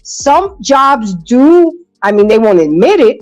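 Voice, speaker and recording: A woman's voice: on the high side, sing-song, slow, no room sound, soft background music, rough recording. A woman, a native Spanish speaker whose family is Dominican and Sicilian, chatting casually as a co-host. She tells stories easily and sometimes trips over her R sounds. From United States, from Dominican and Sicilian parents. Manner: chatty, storytelling, some stumbling over R sounds. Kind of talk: casual conversation.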